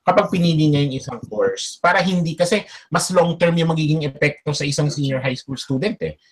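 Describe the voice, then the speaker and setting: A man's voice: on the high side, fast, breathy edge. A man in his forties with a Filipino accent, moderating a webinar panel in a conversational way and asking the panelists questions. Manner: conversational, asks questions, mixes English and Tagalog.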